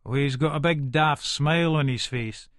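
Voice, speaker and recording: A volatile Edinburgh hardman, played by a man, narrates an audiobook in a thick Scots accent, aggressive and swearing in every breath. His voice sits a touch high for a man. The recording is close and dry, with no room sound. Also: moderate pace, fairly bright tone, dry recording, natural voice. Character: volatile violent Edinburgh hardman, paranoid and foul-mouthed. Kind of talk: first-person audiobook narration.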